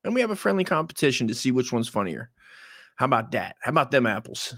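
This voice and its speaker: A male podcast host rants in a loose, profane way, often stopping and restarting his sentences. His voice sits at an ordinary middle pitch. The recording is close and dry, with no room sound. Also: big pitch swings, fast talker, fairly bright tone, no room sound. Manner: rambling, profane, self-interrupting. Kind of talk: casual rant.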